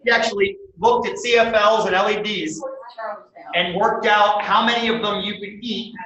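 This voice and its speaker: A man teaching a college class, lively and quizzing his students with questions. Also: sits high, normal speed. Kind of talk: classroom lecture. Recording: echoey room, distant dull mic.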